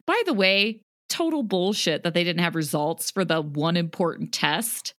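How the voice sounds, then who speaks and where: A woman's voice: on the low side, lively intonation, moderate pace, fairly bright tone, dry recording, studio quality. A young woman co-hosting a podcast, chatting and laughing often. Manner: giggly, chatty. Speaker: podcast co-host. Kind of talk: casual chat recapping a reality show.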